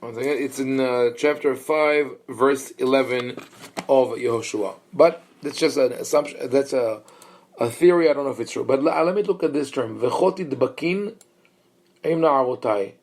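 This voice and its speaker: Male rabbi giving a study lecture; reflective and explanatory, medium pitch, hesitant and conversational. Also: normal speed, a little mellow. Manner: thoughtful, explanatory, many fillers and restarts; engages listeners with questions. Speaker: rabbi teaching a class.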